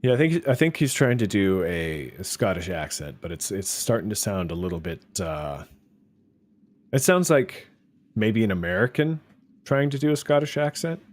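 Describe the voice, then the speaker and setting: A man's voice: lowish voice, expressive, normal speed. A man giving casual, chatty commentary while playing a video game, often hesitant and wry. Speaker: gameplay streamer.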